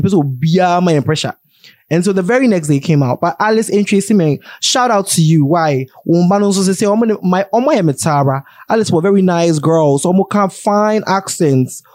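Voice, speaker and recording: A man's voice: high voice, a little mellow, no echo, clean studio sound. A young man with a Ghanaian accent hosting a podcast in a playful, joking way, slipping into pidgin. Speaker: podcast host. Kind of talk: casual podcast chat.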